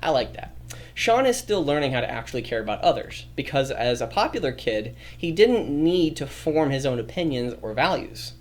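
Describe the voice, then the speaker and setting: Streamer talking through a story draft, animated up-and-down voice, rambling, self-correcting, laughs a lot. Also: medium pitch, normal speed. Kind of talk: thinking aloud while writing a story on a livestream.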